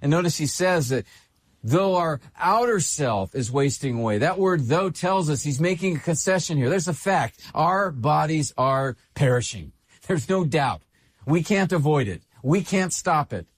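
Male pastor, sermon delivery, animated intonation, repeats key phrases. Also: on the high side, measured pace, breathy edge. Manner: expressive preaching, repeats phrases for emphasis.

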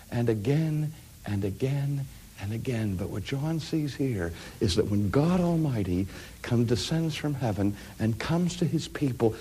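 A middle-aged man preaching a sermon, dropping to hushed near-whispers and rising to loud, ringing peaks. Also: medium pitch, slightly rough.

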